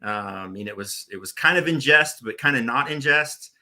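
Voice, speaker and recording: Speaking at a moderate pace, this medium-pitched male voice sounds animated, pushed and bright. He's a forties-aged podcast guest who once directed bowling tournaments, telling stories in a casual interview with lots of restarts and "uh" fillers.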